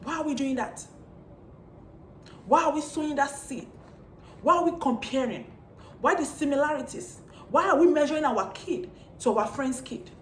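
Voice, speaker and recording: High woman, preachy vlog address to parents, repetitive rhetorical questions, echoey room. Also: fairly bright tone, a little hiss or hum. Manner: repeats pointed rhetorical questions. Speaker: parenting vlogger.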